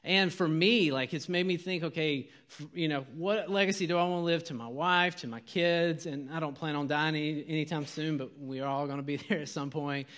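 Chatty preacher, slightly high. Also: male voice, fairly quick, hardly any pauses, a bit bright. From Georgia, US. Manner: conversational, many fillers and restarts. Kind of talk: sermon.

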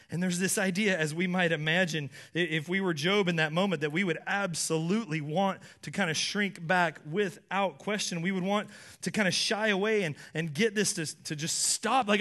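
Animated high-voiced male preacher. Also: normal speed. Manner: animated, acts out quoted voices, shifts from loud to hushed. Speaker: pastor. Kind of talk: sermon.

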